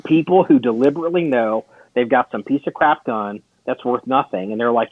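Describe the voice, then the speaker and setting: A man's voice: medium pitch, a little fast, dry recording, narrow, tinny audio. A man co-hosting a podcast, telling long rambling stories in casual chat with many restarts and some swearing. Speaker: podcast co-host.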